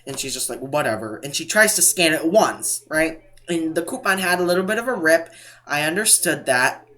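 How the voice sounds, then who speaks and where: Casual vlogger man with a bright, forward tone, chatty and digressive, often restarting his sentences. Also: on the high side, animated, moderate pace. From New England. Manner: rambling, self-interrupting, mimics other people. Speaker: couponing vlogger. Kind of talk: casual storytime.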